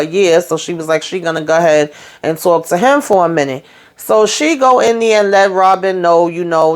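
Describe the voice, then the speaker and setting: A woman casually recapping a TV drama episode, retelling scenes as quoted dialogue with salty slang. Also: lowish voice. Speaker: YouTube recap host.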